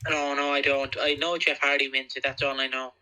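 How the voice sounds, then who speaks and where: A man co-hosting a podcast with a bright, forward tone. He jokes and teases his partner constantly in a loose, playful delivery. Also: medium pitch, flat delivery, clear, resonant tone, low-quality recording. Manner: playful, teasing, quick to joke. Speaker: podcast co-host. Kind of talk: casual joking podcast chat.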